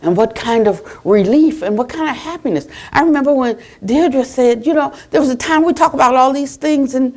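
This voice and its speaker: An American woman Buddhist teacher giving a conversational dharma talk at a retreat center, retelling conversations and closing with a soft blessing. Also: sits high, fairly quick, hardly any pauses.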